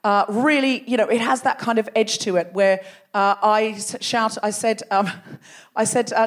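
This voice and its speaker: A woman's voice: mid-range voice, normal speed, few pauses. A woman hosting a comedy podcast on a theatre stage, bantering playfully with the crowd and laughing often. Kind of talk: live stand-up audience banter. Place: large theatre before a live audience.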